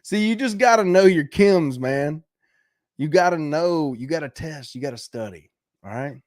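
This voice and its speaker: A man's voice: a little high, expressive, moderate pace, dry recording. Brash man coaching viewers, dry close sound. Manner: brash, coaching, swears casually; laughs often, talks straight to viewers. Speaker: host reacting to viewer videos. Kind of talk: casual livestream chat.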